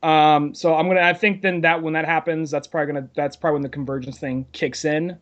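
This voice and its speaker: Rambling podcast co-host with a higher voice. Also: male voice, steady tone, fast, a bit bright. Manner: rambling, with many fillers and trailing thoughts. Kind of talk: casual chat.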